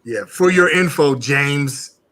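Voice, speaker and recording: A man's voice: fairly high pitch, takes it slowly, fairly bright tone. A man talking casually as a guest on a live barbecue stream, rambling with many restarts.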